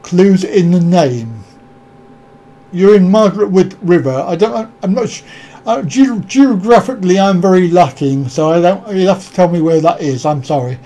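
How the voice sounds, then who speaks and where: A man's voice: high-pitched, moderate pace, warm tone. A man hosting a casual live stream, rambling and joking as he greets viewers by name and answers their comments.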